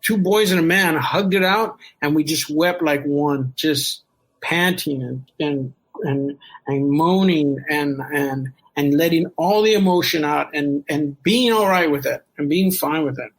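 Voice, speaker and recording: A man's voice: a little high, a little slow, low-quality recording. A middle-aged man candidly telling a personal story about his childhood, rambling with laughs and the odd curse. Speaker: storyteller guest.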